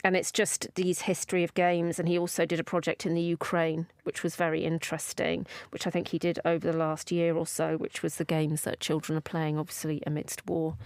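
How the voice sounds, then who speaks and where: A woman's voice: sits low, flat delivery, a little fast, hardly any pauses, a little mellow, dry recording. A woman art journalist talking in a thoughtful, enthusiastic way on a radio show. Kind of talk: radio studio conversation.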